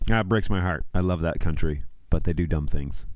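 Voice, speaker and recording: A man's voice: low voice, normal speed, dry recording. A man hosting a casual livestream, ranting and chatting with viewers. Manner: ranting, animated, talks to chat. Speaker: livestream host.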